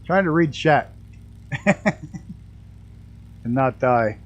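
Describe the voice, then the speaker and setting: A man with a mid-range voice drags out his words on a muffled recording while live-streaming a flight simulator game. His accent mixes New York and Canadian with a hint of Southern US, and a damaged tooth hampers his speech. He laughs often and lets out excitable exclamations in his commentary.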